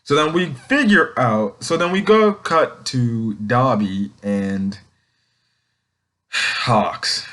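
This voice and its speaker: A man's voice: mid-range voice, extremely slow, fairly bright tone. Rambling man recapping a comic chapter. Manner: rambling, leans on "um" and "essentially". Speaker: manga chapter reviewer. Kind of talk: casual unscripted recap.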